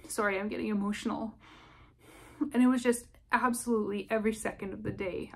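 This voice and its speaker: Gravelly-voiced woman telling her story. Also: medium pitch. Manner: halting, emotional, with frequent restarts. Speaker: vlogger sharing a personal experience. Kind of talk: candid personal testimony.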